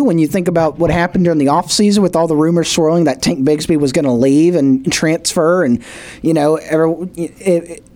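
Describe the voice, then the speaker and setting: Male co-host, slightly high voice, rambling analysis with fillers. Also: warm tone. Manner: rambling, halting, many fillers and restarts. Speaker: sports radio co-host. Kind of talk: casual sports radio talk.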